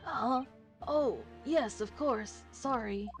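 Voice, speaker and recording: An American woman voicing a nervous young male defense lawyer with a hoarse, raspy voice, reading game dialogue aloud over faint music. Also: on the high side, slow pace. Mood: apologetic.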